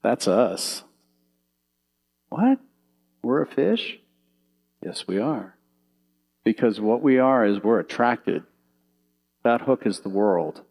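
A man's voice: lowish voice, slow, long pauses, rough recording. A man preaching a sermon from slides, telling vivid little stories and asking the audience questions. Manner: animated storytelling, asks the audience questions.

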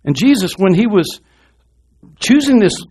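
A middle-aged man preaching a sermon in a church, asking the congregation questions and moving between loud rousing lines and quiet low ones. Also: very animated, unhurried, slightly rough. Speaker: pastor.

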